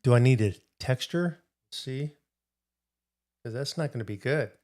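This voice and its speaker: A man's voice: mid-range voice, lively intonation, unhurried, a little mellow. A middle-aged man hosting a casual livestream, rambling through a story and answering viewers in the chat. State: recovering from hip replacement. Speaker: livestream host.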